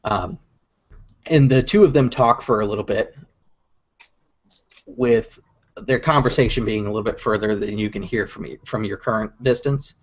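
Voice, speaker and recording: A man's voice: lowish voice, animated, moderate pace, long pauses, slightly rough, highs cut off. A man running a tabletop game as game master, narrating casually with frequent hesitations over an online call. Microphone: online video call.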